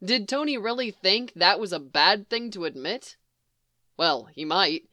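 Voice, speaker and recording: A woman reading fan fiction aloud in an even storytelling manner. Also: medium pitch, unhurried, dry recording, studio quality. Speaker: reader.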